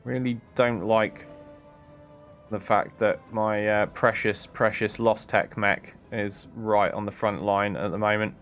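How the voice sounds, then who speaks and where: A man's voice: lowish voice, fairly even intonation, measured pace, a bit bright, faint music behind. A man casually commentating on his gameplay, thinking aloud and often chuckling. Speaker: streamer.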